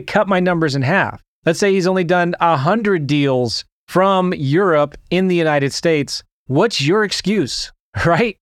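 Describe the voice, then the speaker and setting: An enthusiastic male podcast host talks straight to his audience, firing off rhetorical questions. His voice sits a little high. The close-miked sound is dry, with no room around it. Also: no echo. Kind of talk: energetic podcast intro monologue.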